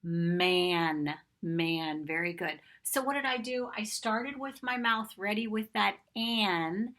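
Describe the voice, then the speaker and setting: Slow, patient woman teaching phonics to kids. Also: on the high side, bright, forceful tone. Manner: slow, patient, sounding out letters with drawn-out vowel sounds; encouraging praise directed at children. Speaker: kindergarten teacher. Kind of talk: phonics lesson for young children.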